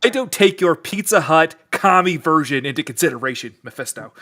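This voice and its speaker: A man's voice: on the high side, pushed and bright. A man appearing as a podcast guest in casual chat, joking and teasing.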